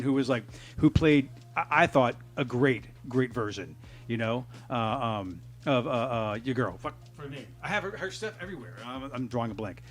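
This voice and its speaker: A man co-hosting a podcast, talking casually and profanely, laughing often. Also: medium pitch. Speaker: podcast co-host. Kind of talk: casual chat.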